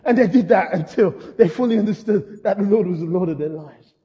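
An older man preaching a sermon, telling stories with humor and lively asides. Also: high-pitched, fairly quick. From England. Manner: storytelling, humorous, animated asides. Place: church hall. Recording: muffled sound in a reverberant hall.

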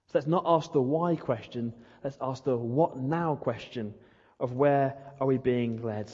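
A man's voice: medium pitch, unhurried, darkish tone, husky. A man preaching a sermon, acting out questions and prayers in a rhetorical way. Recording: dull echoey hall.

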